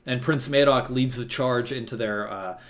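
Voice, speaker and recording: A man's voice: mid-range voice, moderate pace. A man running a tabletop role-playing game as game master, narrating loosely with lots of fillers.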